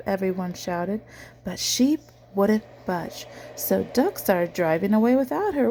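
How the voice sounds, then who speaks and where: A woman reading a picture book aloud to a child in a gentle, animated way, pausing to ask the child questions. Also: medium pitch, slight background noise. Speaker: reader of children's books.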